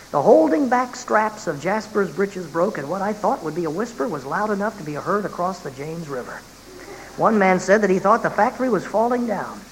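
An expressive voice gives a dramatic reading of an old sermon, drawing out its key phrases. The sound carries a long reverb, with a faint hiss underneath. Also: mid-range voice. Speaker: reader.

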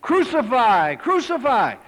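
An angry crowd of priests and officials, as a man reading scripture puts them on, shouting demands in a high, forceful voice. The shouts ring out with a long hall reverb. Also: lively intonation, fairly quick, close to an everyday voice.

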